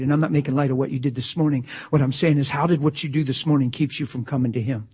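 A man preaching a sermon with passion, swinging from loud exclamations to near-whispers. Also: medium pitch, fairly even intonation, fast talker, husky.

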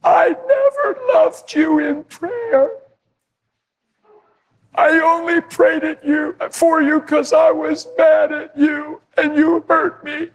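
A man's voice: very high voice, slow pace, pitched above the performer's own voice, rough recording. A man voicing his wife, a young woman sobbing and pleading over and over that she is sorry.

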